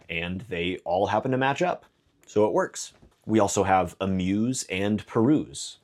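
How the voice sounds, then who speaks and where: A man explaining songwriting in a clear video lesson, with dry joking asides. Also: on the low side, a little mellow. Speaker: songwriting teacher.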